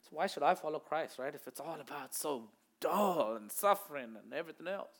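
A pastor with a high, bright and forceful voice delivers a brisk, animated sermon to his congregation. He swings from loud statements to murmured asides and acts out whoever he quotes.

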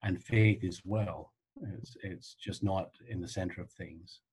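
Male pastor from Canada, very low voice, hesitant interview guest. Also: fairly even intonation, darkish tone, slightly rough. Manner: halting, frequent fillers. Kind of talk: casual interview.

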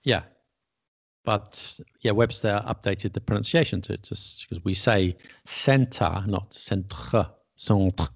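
A man's voice: on the low side, fairly even intonation, unhurried, vocal fry. A British man in casual educational chat, explaining things wryly and spelling words out letter by letter. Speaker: podcast co-host explaining spelling.

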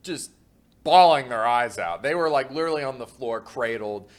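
A man's voice: medium pitch, lively intonation, normal speed. A man co-hosting a casual sports talk show, sharing a story in an easygoing way. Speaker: podcast co-host.

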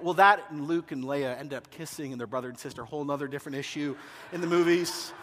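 Animated storytelling pastor in a hall. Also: male voice, on the high side, quick pace. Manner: animated storytelling, acting out movie scenes. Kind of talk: sermon. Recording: long hall reverb.

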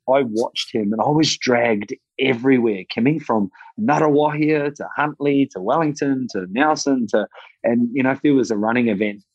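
A man being interviewed tells a personal story haltingly and emotionally, restarting often. His voice is fairly low, and the audio is dull with no echo.

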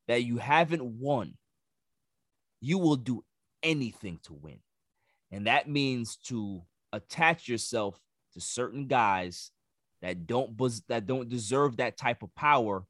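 A man hosting a casual sports talk show in an emphatic, ranting way, often stumbling over repeated words as he builds his argument. His voice sits at an ordinary middle pitch. The sound is dry and close, with light music faintly underneath. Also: no room sound. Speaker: sports podcast host.

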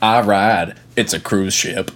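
A man's voice: lowish voice, fairly even intonation, slow pace, fairly bright tone, slight background noise. A man hosting a casual beer podcast with friends, playful and goofy. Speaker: podcast host. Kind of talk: casual chat about beer.

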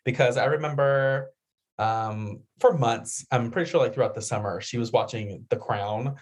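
A man co-hosting a podcast from the United States, chatting casually in a rambling, animated way. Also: medium pitch, normal speed. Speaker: podcast co-host. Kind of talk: casual chat.

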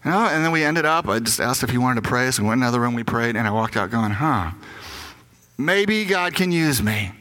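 An older man preaching in a loose, conversational way, with a bright, forward voice. He tells candid stories about himself and often slips into acting out his own inner voice. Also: medium pitch, racing, few pauses. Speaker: pastor. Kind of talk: conversational sermon.

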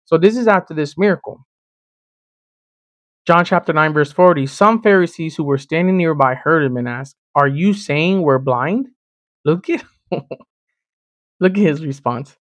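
A man from Miami hosting a sermon-style podcast, teaching in an emphatic, animated way and speaking straight to the listener. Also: on the high side, measured pace, long pauses, no echo. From Miami, Florida. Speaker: podcast host and preacher.

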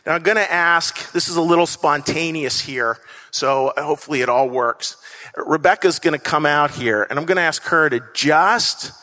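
With a fairly high, sharp voice and moderate pace, the pastor addresses his congregation from the church stage. Earnest and repetitive, he calls out key phrases for the crowd to answer back, and the church hall echoes around him.

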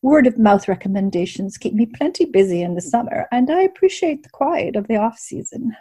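A woman's voice: a little high, big pitch swings, brisk, mellow, husky. A woman voicing an older woman innkeeper who speaks in a proper, precise way, in a storybook reading. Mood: gracious.

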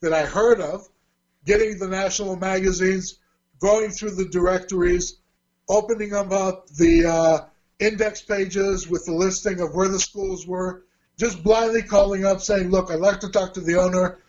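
A man's voice: sits high, steady tone, measured pace, a little mellow, dull audio. A man, a martial arts teacher and fight promoter, telling his story in an interview in a chatty way with restarts. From Australia. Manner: chatty, with restarts and quoted dialogue.

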